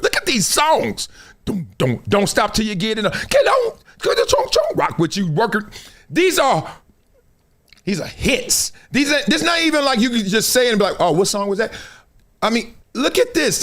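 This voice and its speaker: A middle-aged man hosting a live sports and culture stream, talking in loose slang with loud bursts and low asides. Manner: animated, slangy, jumps between loud bursts and low mutters. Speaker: show host.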